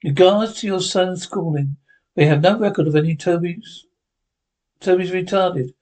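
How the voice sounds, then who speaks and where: A man's voice: high-pitched, moderate pace, darkish tone, lightly acted, low-quality recording. A man reading the part of an officious woman social worker who questions a worried couple politely but insistently. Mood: probing.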